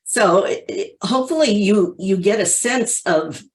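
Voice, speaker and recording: A woman's voice: mid-range voice, expressive, measured pace. A woman in her sixties, a hypnotherapy trainer, talking in a chatty, rambling way with fillers and restarts during an online training session over a video call.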